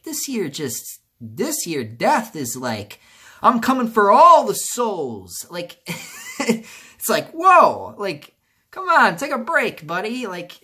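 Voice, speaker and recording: A man speaks alone to camera in a loose, rambling vlog. He restarts sentences and leans on fillers, sinking into quiet, low stretches before bursting out louder. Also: breathy edge. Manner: rambling, many restarts and fillers, swings from subdued to loud outbursts. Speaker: YouTuber. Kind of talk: casual vlog monologue.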